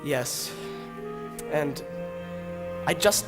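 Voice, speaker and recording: A man's voice: fairly high pitch, animated, drawn-out words, over music. A man playing an earnest, lovesick young groom in an amateur stage musical, sincere and pleading. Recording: reverberant stage hall.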